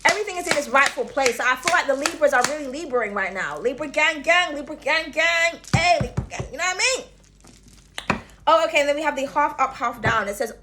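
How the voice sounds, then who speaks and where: This woman gives a casual tarot reading in a high, expressive voice at a fairly quick pace, with a noisy background. She's chatty and rambling, swears freely, and hums while she thinks. She comes from outside the United States.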